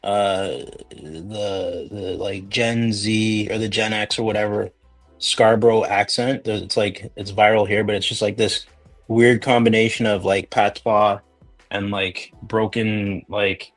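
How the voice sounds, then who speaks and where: A man's voice: on the low side, level tone, measured pace, soft background music. A man hosting a casual chat, rambling and joking through tangents.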